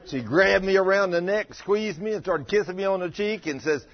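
A man's voice: high voice, normal speed. A man, preaching a storytelling sermon and acting out the dialogue in his stories. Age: 50s. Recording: dull lo-fi recording.

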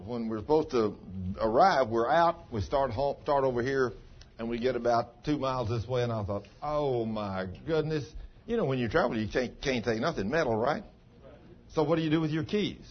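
Husky folksy man preaching a sermon. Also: medium pitch, moderate pace. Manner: folksy, ungrammatical country speech. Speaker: pastor. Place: church. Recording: dull lo-fi sound.

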